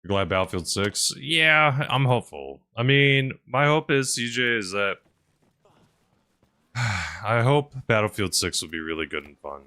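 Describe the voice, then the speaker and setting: A low-pitched man with a bright, forward edge to his voice, talking his way through a game stream. He rambles and muses aloud, one moment punching words out loudly, the next trailing off into quiet asides. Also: expressive, unhurried. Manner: rambling, chatty, musing aloud; swings between loud bursts and mumbled asides. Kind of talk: casual live-stream commentary while playing.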